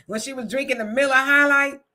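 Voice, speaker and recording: A woman's voice: high-pitched, pushed and bright. A woman hosting a casual live online talk show, reading viewer comments aloud, frank and laughing often.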